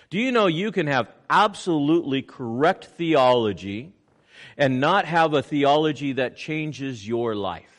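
Animated male preacher. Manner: animated preaching with swings in pitch and loudness; acts out little scenes in quoted voices. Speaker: pastor. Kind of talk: sermon.

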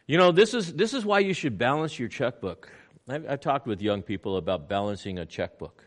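A man preaching a sermon, animated, acting out little scenes in quoted voices. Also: fairly quick. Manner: animated preaching with swings in pitch and loudness. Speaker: pastor.

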